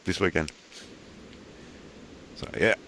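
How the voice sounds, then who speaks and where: A man co-hosting a podcast, talking in a low-key, laconic way. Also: slow pace, fairly bright tone. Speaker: podcast co-host. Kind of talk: casual podcast chat.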